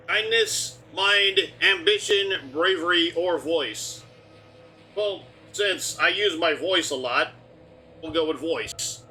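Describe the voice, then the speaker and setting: Male streamer, bright, slightly high voice, loose joking chatter, faint game music behind. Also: slow pace. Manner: rambling, joking, talks through on-screen prompts. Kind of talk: casual live game commentary.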